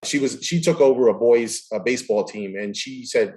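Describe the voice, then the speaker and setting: Man telling lively umpire stories. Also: lowish voice, moderate pace. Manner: animated storyteller acting out quoted dialogue. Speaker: guest, baseball umpire. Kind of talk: casual chat, storytelling.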